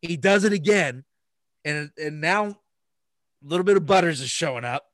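Casual podcast host, a man with a sharp, dry voice who tells stories with lots of swearing. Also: fairly high pitch, lively intonation, normal speed, dry recording. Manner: profane, rambling with restarts. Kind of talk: casual storytelling chat.

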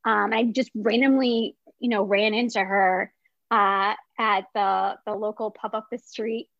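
A woman who founded a small business tells her story in a casual interview, chatty and excitable, full of filler words. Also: medium pitch, a little slow, vocal fry, dry recording, highs cut off.

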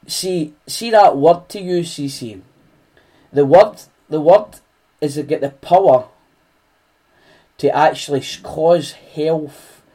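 A Scottish man preaches in an earnest, conversational way, often circling back and restarting his phrases. His pace is unhurried and his voice sits a bit higher than most men's. It has the loose, spoken feel of a sermon to a small group. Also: dark tone.

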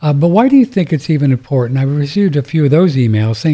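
A man's voice: a little high, lively intonation, quick pace, dark tone. A man hosting a talk radio show, rambling casually with many fillers and restarts.

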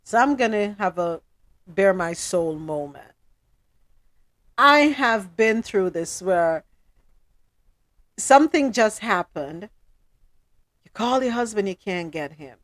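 A woman's voice: medium pitch, lively intonation, slow pace, pauses often, no echo. Conversational woman hosting a talk show. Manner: conversational, acts out her own thoughts.

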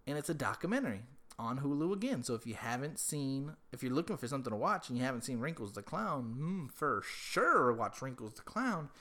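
A man's voice: mid-range voice, sing-song, brisk, a bit bright. A man from Texas telling a loose, rambling story about his daughter and swearing freely. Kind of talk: casual storytelling.

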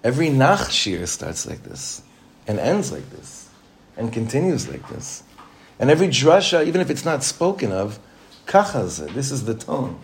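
A man's voice: medium pitch, big pitch swings, moderate pace, creaky, background noise. A man teaching an informal Torah class as a rabbi. He talks conversationally, repeats phrases for emphasis and chuckles often.

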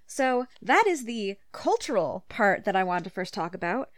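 A woman's voice: medium pitch, sing-song, no echo, studio quality. A woman from Canada co-hosting a podcast, explaining a point at length in a casual way and insisting on her point. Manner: explanatory, insistent, quick asides. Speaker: podcast co-host. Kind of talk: casual educational podcast chat.

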